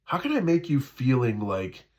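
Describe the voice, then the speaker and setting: A man's voice: mid-range voice, wildly swooping pitch, normal speed, a little mellow. A man in a casual spiritual talk, speaking conversationally, repeating himself, often asking "right?" and acting out the voices in people's heads. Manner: acts out quoted inner voices.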